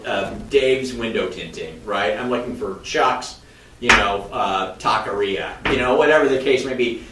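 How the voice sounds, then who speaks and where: A mortgage loan officer tells stories on a casual podcast in a fairly bright voice, chatting away and acting out the voices he quotes with shifting pitch. The mic sounds roomy and slightly distant, with a little hiss or hum.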